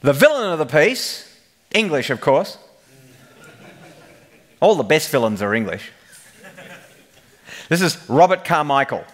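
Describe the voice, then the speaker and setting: A man's voice: fairly high pitch, very animated, a little slow, pauses often. A man giving a humorous technical conference presentation, telling the story like a joking storyteller. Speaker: conference speaker.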